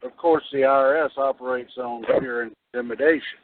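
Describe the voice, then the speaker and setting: A man's voice: mid-range voice, steady tone, a little fast, no room sound. A man hosting a call-in talk show, chiming in with brief agreeing remarks. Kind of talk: casual phone-in talk. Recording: dry tinny phone line.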